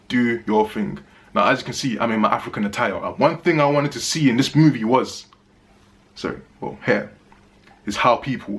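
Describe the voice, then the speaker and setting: A man's voice: mid-range voice, a bit bright. A man giving a casual spoken movie review, chatty and emphatic, repeating phrases for stress.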